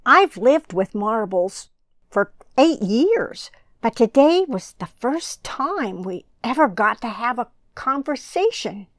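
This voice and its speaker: A woman reads a picture book aloud to children at church, slow and deliberate. Her voice sits a little high. The sound is dry and close. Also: no echo. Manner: slow, deliberate, expressive reading. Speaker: children's sermon storyteller.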